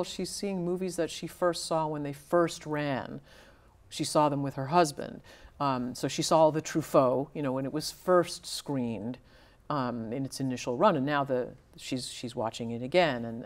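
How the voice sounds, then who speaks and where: Low-voiced thoughtful woman novelist. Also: a little mellow. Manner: thoughtful, searching for words with small restarts. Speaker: novelist guest. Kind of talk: conversational interview.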